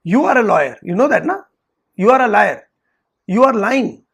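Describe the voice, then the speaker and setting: Brief: a man doing a loud, accusing guru, gravelly and husky. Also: high-pitched, fairly even intonation, normal speed. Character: stern accusing male spiritual teacher.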